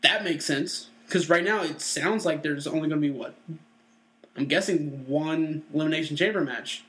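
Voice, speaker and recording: A young man co-hosting a loose, chatty show, his voice sitting a little higher than most. He talks in opinionated rambles and keeps dropping "you know" as he works his way through a point. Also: moderate pace, bright, forceful tone. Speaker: co-host. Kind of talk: casual chat.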